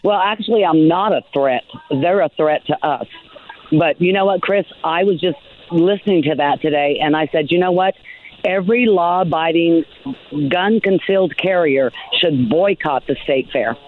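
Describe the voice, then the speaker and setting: A woman's voice: on the low side, normal speed. Woman caller on a tinny phone line. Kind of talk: call-in radio conversation. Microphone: telephone.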